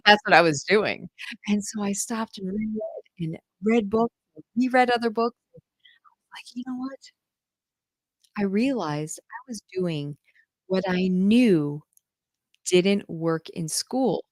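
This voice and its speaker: A woman's voice: mid-range voice, slow pace, long pauses, dry recording, rough recording. A woman homeschool coach talking straight to her listeners in an enthusiastic, chatty podcast monologue, calling them "you guys.". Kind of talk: direct-to-audience podcast monologue.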